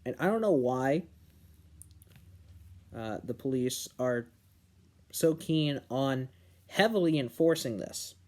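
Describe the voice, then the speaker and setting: A young man from New Hampshire giving an earnest political commentary monologue, slowing down and stressing key words. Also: mid-range voice, lively intonation, darkish tone. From New Hampshire, USA. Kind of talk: casual opinion monologue.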